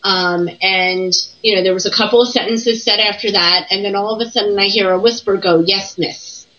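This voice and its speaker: A woman tells an interview story about an investigation, acting out the lines that people said. Her voice is bright and sharp, at a middle pitch. The recording is dull and lo-fi. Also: fairly even intonation, brisk. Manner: plain storytelling that acts out quoted talk. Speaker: paranormal investigator guest.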